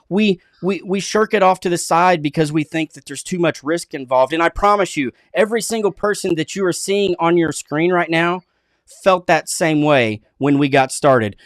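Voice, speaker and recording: A man co-hosting a live online business show, giving an earnest, repetitive motivational pitch to viewers. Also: normal speed, dry recording, clean studio sound. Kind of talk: motivational livestream talk.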